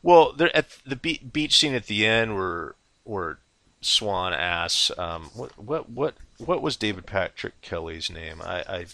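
Gravelly low-voiced man chatting about a film. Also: big pitch swings, measured pace, sharp tone, no room sound. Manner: hesitant, restarts a lot. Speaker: podcast co-host. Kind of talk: casual film discussion.

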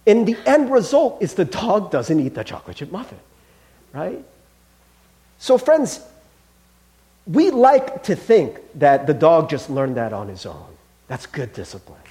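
A male pastor preaches in an animated way, acting out little scenes as he goes. His voice sits high for a man and leaps through a wide range, and he keeps asking his listeners questions. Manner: asks the listeners questions often. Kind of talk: sermon.

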